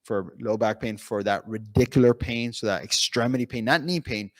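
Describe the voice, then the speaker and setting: A man speaking as a pain physician at a conference, telling patient stories in an animated way with many fillers and restarts. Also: medium pitch, normal speed, no echo. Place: conference room.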